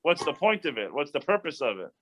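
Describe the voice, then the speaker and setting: A fairly high-voiced man teaches a casual Bible study as a rabbi. He is animated and chatty. He restarts his sentences often and wanders into asides. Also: quick pace, husky.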